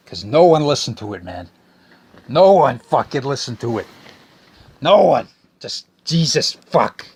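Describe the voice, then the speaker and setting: A man's voice: on the low side, fairly bright tone. A man hosting his own podcast alone, talking casually in a profane, exasperated and joking way. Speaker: podcast host. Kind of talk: casual solo podcast rant.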